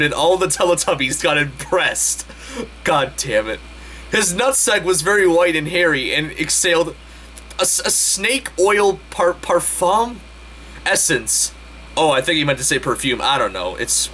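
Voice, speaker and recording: A man hosting a comedic dramatic reading, deadpan and slow, with exasperated asides. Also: on the high side, slight background noise. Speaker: host.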